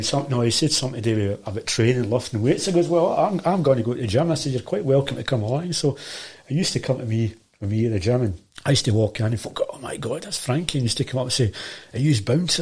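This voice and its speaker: A man's voice: medium pitch, a little mellow. A middle-aged man with a Glaswegian accent, telling rambling stories in casual conversation, full of restarts and quoted dialogue. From Scotland. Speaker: guest, martial arts teacher. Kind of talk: casual storytelling.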